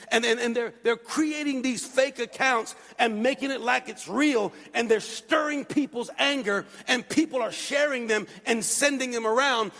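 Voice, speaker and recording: Male pastor, sermon, high-pitched and emphatic, long hall reverb. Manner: emphatic, repetitive, preaching at a shout.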